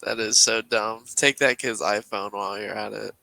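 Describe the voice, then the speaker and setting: Laid-back man with a gravelly low voice. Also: fairly even intonation, normal speed, bright, forceful tone, no echo. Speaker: podcast co-host. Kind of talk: casual chat.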